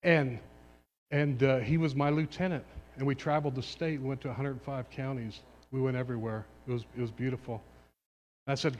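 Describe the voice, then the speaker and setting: A middle-aged man, a pastor, telling a personal story in a sermon, moving between quiet asides and loud exhortation. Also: medium pitch, fairly even intonation, a little fast, highs cut off. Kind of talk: sermon testimony. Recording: long hall reverb, faint hum.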